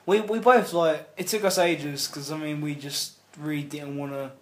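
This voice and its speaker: A man's voice: a little high, fairly even intonation, normal speed, echoey room, a little hiss or hum. A young man co-hosting a casual podcast, joking around and restarting his sentences. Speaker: podcast co-host. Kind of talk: casual chat.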